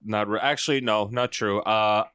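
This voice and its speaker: Halting man, smooth resonant voice, dry close mic, casual chat. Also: lowish voice, fairly even intonation, a bit bright, no echo. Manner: halting, stammers and restarts. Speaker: podcast co-host.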